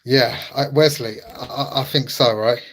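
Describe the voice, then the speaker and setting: A man's voice: medium pitch, steady tone, a little slow, rough recording. A man chatting casually with his live-stream viewers, laughing often and teasing them.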